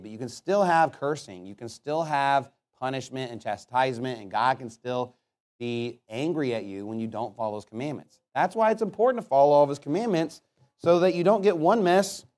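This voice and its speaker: A male pastor preaching a sermon bluntly, swinging between loud emphatic bursts and quiet asides. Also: medium pitch, expressive, a little fast. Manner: peppers points with "okay?" and "you know what?".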